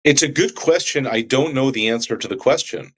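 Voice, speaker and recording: A man's voice: medium pitch, fairly quick. A man co-hosting sports talk radio, ranting with passion and firing rhetorical questions.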